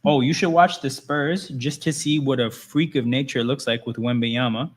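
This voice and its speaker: A man's voice: mid-range voice, steady tone, moderate pace. A man hosting a casual livestream, talking loosely and answering chat messages as they come in. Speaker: livestream host.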